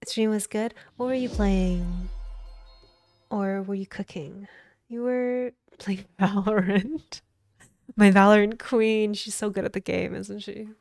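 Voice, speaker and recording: A woman's voice: medium pitch, steady tone, slow pace, gravelly, darkish tone, no room sound. A woman streamer chatting casually with her viewers, talkative and often giggling. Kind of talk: casual livestream chat.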